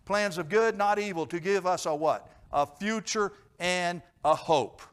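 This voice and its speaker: A man preaching a sermon in church, questioning his congregation and swinging between emphatic loud lines and quiet low ones. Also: unhurried. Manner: repeats and restarts words, asks questions of the congregation. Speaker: pastor.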